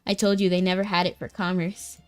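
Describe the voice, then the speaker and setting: A young woman chats bubbly and talkatively with viewers while streaming a game, her lowish, clean-toned voice brisk and fairly flat in pitch. There's faint game music in the background.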